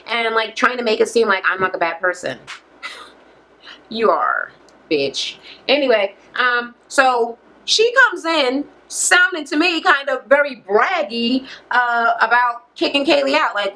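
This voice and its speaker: A woman vlogger with a high voice rants through a reality TV recap, cursing freely. Her tone is bright and sharp, and her delivery is animated and casual. She is recorded on a camera microphone. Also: measured pace. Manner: profane, animated, heavy cursing.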